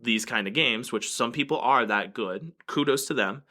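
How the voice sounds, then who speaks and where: A man's voice: mid-range voice, normal speed, pushed and bright. A man co-hosting a casual game review podcast, explaining at length with fillers and restarts. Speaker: podcast co-host.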